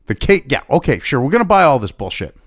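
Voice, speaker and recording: A man's voice: on the high side, very animated, fast, no room sound, clean studio sound. A man from New Hampshire giving angry, sarcastic, profanity-laden political commentary.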